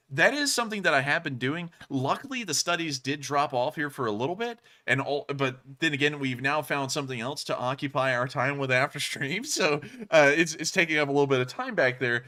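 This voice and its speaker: A man in his twenties co-hosting a live stream, chatting casually and rambling with lots of fillers and restarts, deliberately raising his pitch. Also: lively intonation, pushed and bright. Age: 20s. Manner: speaks in a deliberately raised pitch. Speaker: stream co-host.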